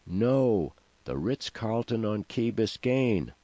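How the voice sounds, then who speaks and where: A flustered young groom shouts insistently over loud music, as a man voices him. The voice stays low and the sound dry. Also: sing-song, slow pace, dry recording, dull audio, full character voice. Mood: shouting. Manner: raised, insistent voice.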